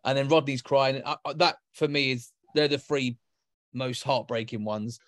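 A man talks earnestly on a podcast at a middle pitch. The sound is dry and close, with no room echo. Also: fairly even intonation, moderate pace. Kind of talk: casual chat.

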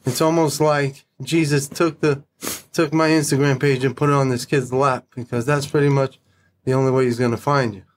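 A man, a podcast guest telling a story in a blunt, profane, animated way. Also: medium pitch, moderate pace. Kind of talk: casual storytelling.

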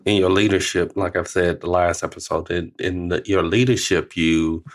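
An older man with a very low voice co-hosts a casual chat. He tells stories with animation, slips into other people's voices, and talks in easygoing slang. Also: moderate pace. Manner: animated storyteller, acts out quotes with laughs; uses casual slang like finna and ain't. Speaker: podcast co-host.

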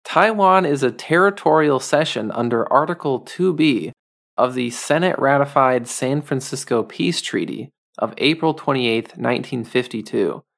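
A man's voice: mid-range voice, expressive, moderate pace, creaky, a bit bright. A man voicing an earnest male activist reading a legal manifesto aloud in a put-on Taiwanese accent, with formal, recited phrasing.

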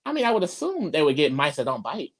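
A woman's voice: low voice, wildly swooping pitch, quick pace. A woman co-hosting a show in casual recap chat, blunt and opinionated, stressing her points. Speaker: podcast co-host.

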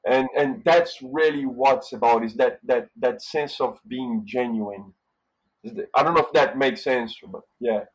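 A man's voice: medium pitch, a little slow, low-quality recording. A man from Brazil, a hotel manager talking casually in an interview, rambling and repeating words as he thinks.

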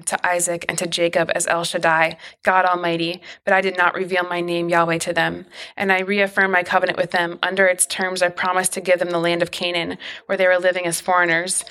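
A solemn, commanding divine voice makes firm declarations, as a woman reading scripture gives it voice. The tone is low and even, with little rise or fall, and it carries a steady weight throughout. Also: natural voice.

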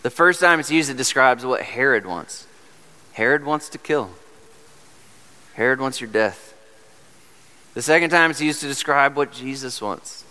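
A man's voice: mid-range voice, lively intonation, measured pace, long pauses, pushed and bright. A man preaching a sermon as pastor, earnest and direct, asking the congregation rhetorical questions. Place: church sanctuary. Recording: long hall reverb.

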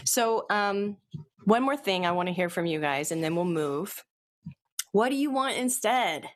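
A woman hypnotherapist leading a live online group session, chatting gently with viewers and then guiding a slow, soothing hypnosis induction. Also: medium pitch, expressive. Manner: gentle, conversational, reads chat comments aloud.

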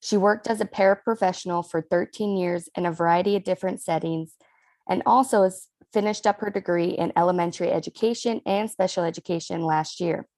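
A woman hosting an interview podcast, encouraging her guest and reacting warmly to her stories. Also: fairly low pitch, fairly quick, no room sound. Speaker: podcast host.

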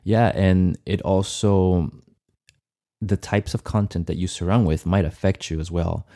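A man's voice: deep voice, fairly even intonation, a little slow, mellow. A man co-hosting a podcast, speaking thoughtfully and with some hesitation in casual chat. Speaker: podcast co-host.

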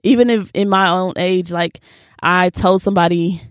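A woman in her twenties talking earnestly and casually about a Bible story, lively when she quotes people and quieter when she shares her own life. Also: on the low side, normal speed, no echo, clean studio sound. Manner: earnest and animated, slips into quoted voices, Southern-leaning casual speech. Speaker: faith vlogger. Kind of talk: personal Bible reflection, casual talk.

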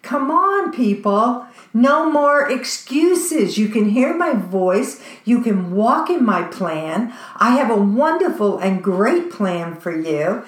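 Woman doing a reassuring divine voice, urging, lifted pitch, roomy room. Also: sing-song, slow. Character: patient, reassuring divine voice, male. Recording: roomy echo.

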